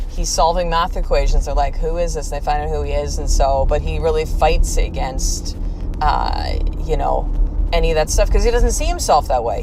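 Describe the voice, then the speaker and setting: Swearing, animated woman podcast host. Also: sits low, noisy background. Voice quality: swears freely, animated storytelling. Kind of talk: casual solo podcast monologue.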